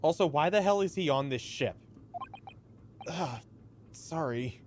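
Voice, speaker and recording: A man co-hosting a let's play with sarcastic, excitable commentary and swearing. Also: a little high, measured pace, noisy background. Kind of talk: casual gameplay commentary.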